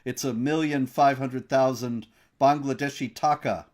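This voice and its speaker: Measured man hosting a talk show. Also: medium pitch, fairly even intonation, darkish tone. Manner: measured, reporting-style telling with fillers. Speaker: host. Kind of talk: news commentary discussion.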